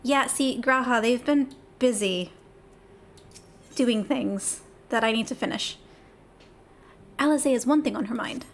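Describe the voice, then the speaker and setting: Young female streamer, bright high-ish voice, casual and talkative, reads dialogue in character. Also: a little slow, long pauses. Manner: chatty, laughs easily, reads game dialogue aloud in character. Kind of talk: casual live gameplay chat.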